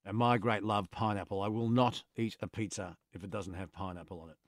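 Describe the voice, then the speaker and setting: An Australian-accented radio host chats casually on air, playful, enthusiastic, and musing aloud. His low-leaning voice is a little fast with fairly even intonation, in a dry, clean studio recording.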